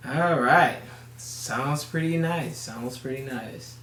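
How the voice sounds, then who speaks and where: A woman chatting casually to the camera in a relaxed way while reacting to a video. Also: extremely low pitch, slow, slight background noise. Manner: relaxed, laid-back talk. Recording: roomy echo.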